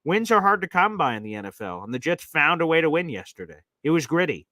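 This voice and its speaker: Animated man hosting a sports talk show. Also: on the high side, fast, dry recording, studio quality. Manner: emphatic, animated, reads viewer comments. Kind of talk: live sports talk stream.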